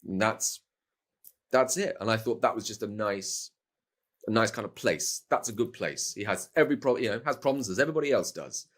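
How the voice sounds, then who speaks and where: Rambling British man, lowish voice. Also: brisk, a bit bright. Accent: British English. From Britain. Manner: rambling, self-correcting, playful asides. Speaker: voice actor guest. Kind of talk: casual interview talk.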